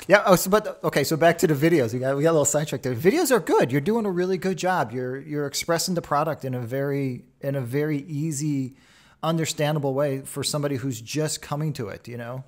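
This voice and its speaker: A man with a Chicago accent hosting a casual interview, friendly and chatty and quick to laugh. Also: on the high side. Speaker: host.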